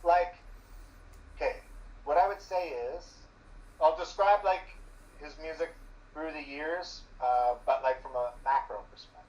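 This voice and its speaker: A man's voice: fairly high pitch, fairly even intonation, measured pace, long pauses, darkish tone. A man as a guest in a casual chat, talking enthusiastically and rambling with many filler words. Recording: distant dull lo-fi mic with faint noise.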